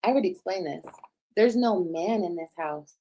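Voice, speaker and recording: A woman in her thirties speaks on a livestream, defensive and explaining herself, with the occasional cuss word slipping in. Her voice is on the low side and warm, expressive at a normal pace, though the recording is rough. She is the livestreamer being reacted to, in casual livestream talk.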